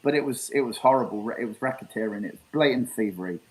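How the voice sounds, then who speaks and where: A man in his sixties tells his stories in a casual, rambling way, full of restarts and little bits of quoted dialogue. His voice sits at an ordinary middle pitch, and the talk comes across as relaxed interview chat. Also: fast talker. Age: 60s. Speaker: guest street magician.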